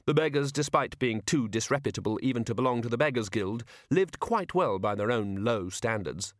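A man reading a novel aloud as an audiobook narrator, with wry, expressive storytelling. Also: medium pitch, normal speed, no echo, clean studio sound. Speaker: audiobook reader. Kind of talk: scripted narration.

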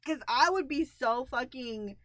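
A woman's voice: high voice, lively intonation, unhurried, a bit bright, slight background noise. A woman in casual chat with a friend, supportive, swearing casually and laughing a lot.

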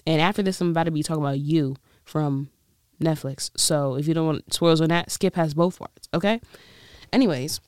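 A woman's voice: low voice, fairly even intonation, fairly quick, darkish tone, clear, resonant tone, no room sound, studio quality. A woman vlogger chatting casually and rambling, laughing often and trying out a weak British accent. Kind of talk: casual chat.

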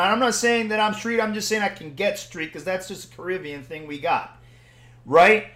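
A man from Puerto Rico telling a story in casual chat, animated and building to loud bursts when excited. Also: sits high, moderate pace. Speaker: podcast host telling a story. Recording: roomy echoing room.

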